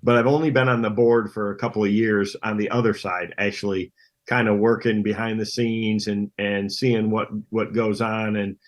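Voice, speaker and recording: Middle-aged man, lowish voice, relaxed guest. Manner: relaxed, plain-spoken, halting restarts. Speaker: guest, pro angler. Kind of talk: casual interview chat.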